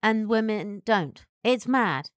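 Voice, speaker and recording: A woman's voice: medium pitch, animated, takes it slowly, no echo, clean studio sound. A woman co-hosting a podcast in casual chat, a chatty, giggly storyteller who hands out frank advice. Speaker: podcast co-host.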